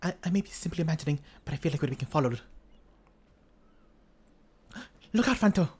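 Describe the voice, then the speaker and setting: A man's voice: a little high, racing, a little mellow, breathy edge. A man reading a polite tribeswoman's game lines aloud in a put-on accent, stumbling over some words. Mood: worried.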